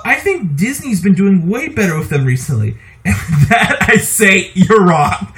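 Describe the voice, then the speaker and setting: A man co-hosting a podcast, talking casually about movies in an animated, opinionated way and laughing often. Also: sits high, normal speed, hardly any pauses. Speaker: podcast co-host.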